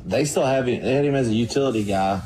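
A man's voice: mid-range voice, fast talker, dark tone, a little hiss or hum, low-quality recording. A man giving casual, confident analysis as a guest on a sports radio show.

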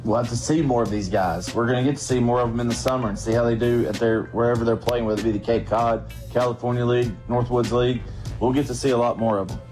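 A man's voice: mid-range voice, fairly even intonation, quick pace, darkish tone, faint music behind, poor audio. Man giving confident sports analysis. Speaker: guest baseball analyst. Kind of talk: casual sports talk.

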